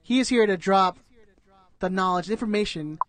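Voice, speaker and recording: High-voiced laid-back male podcast host. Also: a little fast, a bit bright. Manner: laid-back, laughing, calls everyone dude. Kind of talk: casual chat.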